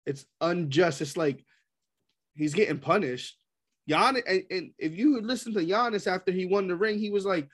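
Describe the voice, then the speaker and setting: A man's voice: sits high, moderate pace. Fired-up man ranting about sports. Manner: animated, ranting, quoting people in voices. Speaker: sports talk co-host. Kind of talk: heated casual sports debate.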